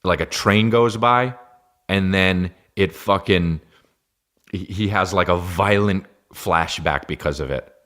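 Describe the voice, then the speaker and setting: A low-voiced man hosts a podcast in a loose comedic rant. He swears constantly, stumbles over his words and circles back on his points. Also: takes it slowly, fairly bright tone. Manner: profane, rambling, stammers and restarts. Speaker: podcast host.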